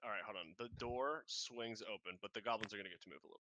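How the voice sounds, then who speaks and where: A man's voice: fairly low pitch, pushed and bright, slight background noise. A man narrating a tabletop game as game master, often stopping and restarting his sentences. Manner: halting, restarts mid-sentence.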